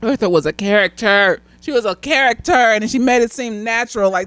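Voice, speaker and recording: A young woman with a high voice gives a loose, slightly tipsy movie review, rambling and swearing as she goes. She laughs often and keeps drifting off on tangents. The sound is close and dry, with no room echo. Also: lively intonation, fast talker, few pauses. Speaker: therapist reviewing films.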